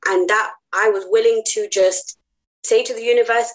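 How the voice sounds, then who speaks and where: A woman's voice: a little high, fairly even intonation, normal speed, low-quality recording. A woman guest on a podcast, earnest and heartfelt as she tells her personal story. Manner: earnest, heartfelt, laughs easily.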